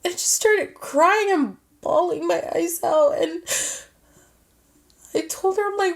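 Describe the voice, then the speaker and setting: High-voiced woman telling a personal story. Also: takes it slowly, pauses often. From Mexican-American family. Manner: earnest, switches into Spanish phrases mid-sentence. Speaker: podcast co-host.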